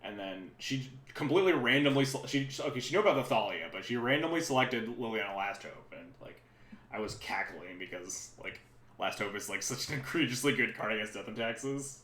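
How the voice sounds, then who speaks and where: A man's voice: medium pitch, expressive, a little fast, a bit bright. Man, streamer, casual card game commentary, chatty, rambling, self-interrupting, echoey home room.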